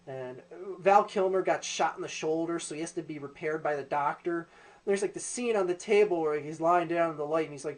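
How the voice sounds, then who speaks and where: A man ranting profanely in a comedic vlog, full of ums and likes. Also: high voice. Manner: ranting, profane, lots of fillers. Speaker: video host.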